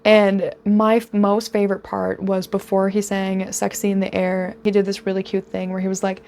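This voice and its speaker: Excitable young woman telling a story. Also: mid-range voice, slight background noise. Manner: gushing, excitable storytelling with rapid bursts. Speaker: vlogger. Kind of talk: storytime vlog.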